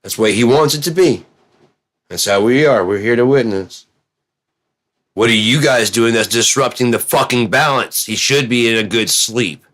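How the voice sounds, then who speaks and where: A man in a profane, rambling monologue that swings between low mutters and excited yelling. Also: normal speed.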